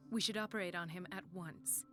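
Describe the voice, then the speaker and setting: Serious lady doctor voiced by a woman, firm and earnest, soft music behind. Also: on the low side, steady tone, fairly quick, lightly acted. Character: principled, indignant female doctor. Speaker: physician. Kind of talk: video game voice acting.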